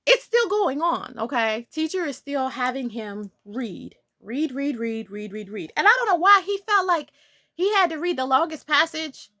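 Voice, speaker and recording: A woman vlogger telling a school story in a dramatic, animated way, talking straight to her viewers. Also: high voice, moderate pace.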